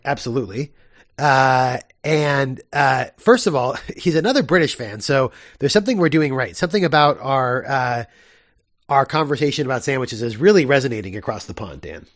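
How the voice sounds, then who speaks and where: A man's voice: mid-range voice, expressive, normal speed, no echo, studio quality. A man co-hosting a casual podcast, often laughing and hesitating as he talks. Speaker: podcast co-host. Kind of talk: casual chat.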